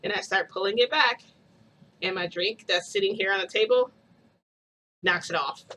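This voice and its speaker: Woman vlogger, casual storytelling, bright and forceful tone, rambly with fillers, faint noise underneath. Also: medium pitch, moderate pace, low-quality recording. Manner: rambling, laughs often, many fillers.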